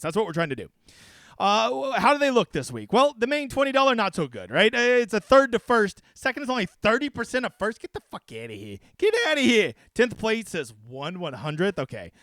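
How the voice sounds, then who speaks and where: A man hosting a casual fantasy sports picks breakdown, brash, profane and excitable as he talks to the viewer. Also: high-pitched, no room sound, clean studio sound. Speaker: daily fantasy sports analyst and host.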